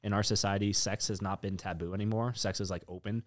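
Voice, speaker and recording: Deep-voiced blunt man in casual chat. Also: fairly even intonation, fast talker, no echo, clean studio sound. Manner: blunt, swears freely, tells anecdotes. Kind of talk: casual podcast conversation.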